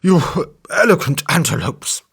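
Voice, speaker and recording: A reader doing a gruff, blustering storybook elephant. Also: medium pitch, very animated, a little slow, exaggerated voice. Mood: wheedling, puffing. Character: big angry male elephant, strong.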